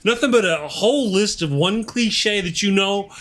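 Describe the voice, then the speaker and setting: A man's voice: sits high, expressive, normal speed, a bit bright. A man co-hosting a casual livestream chat, talkative and jokey and insistent on his point. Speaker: co-host.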